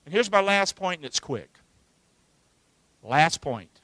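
A man preaching a sermon to his church, talking conversationally with rhetorical questions and swinging from hushed asides to loud, emphatic lines. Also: high-pitched, big pitch swings, takes it slowly, dry recording. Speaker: pastor. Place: church sanctuary.

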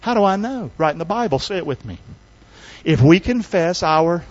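A high-voiced man preaches in an animated way, calling for the congregation to repeat phrases with him. His delivery swings from loud and urgent to low and confiding, and the lo-fi recording is slightly dull. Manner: animated call-and-response preaching. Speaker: pastor. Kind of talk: sermon.

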